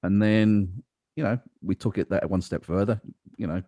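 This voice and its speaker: Deep-voiced man telling a story. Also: moderate pace, dark tone, no room sound. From Western Australia. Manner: rambling anecdotal telling with many fillers. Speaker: podcast host. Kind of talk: casual storytelling chat.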